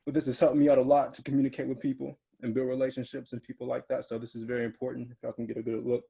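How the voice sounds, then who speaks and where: A man's voice: medium pitch, monotone, very fast, gravelly, mellow, breathy edge. A man in his twenties calling into a video chat, rambling earnestly with lots of fillers. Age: 20s. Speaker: caller. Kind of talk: casual chat on a video call. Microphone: video call.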